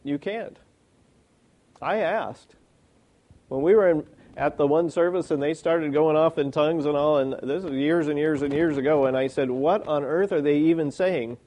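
A man's voice: fairly high pitch, moderate pace, mellow. A man giving a sermon in a plain, conversational way, often asking rhetorical questions. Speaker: preacher.

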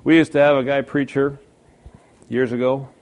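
A man's voice: medium pitch, level tone, moderate pace, a little mellow. A middle-aged male pastor preaching a sermon in a conversational way, often checking in with the congregation.

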